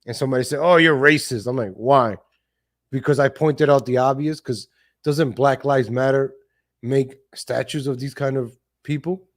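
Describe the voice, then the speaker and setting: A man's voice: medium pitch, steady tone, normal speed, a little mellow. A man hosting a live stream, giving blunt, casual political commentary with cursing and frequent laughs. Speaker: livestream host.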